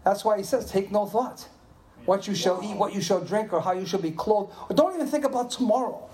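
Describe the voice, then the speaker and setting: A man in his seventies preaching a sermon, telling animated personal stories and checking in with the listeners. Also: high voice, fairly quick, a crowd in the background. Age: 70s. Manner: animated storytelling, asks "Are you with me?". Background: audience responding.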